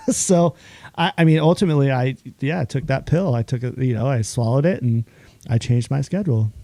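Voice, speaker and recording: A man, a chef, chatting as a podcast guest, telling animated stories, acting out quoted dialogue and laughing often. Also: medium pitch, brisk, no room sound. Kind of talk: casual interview chat.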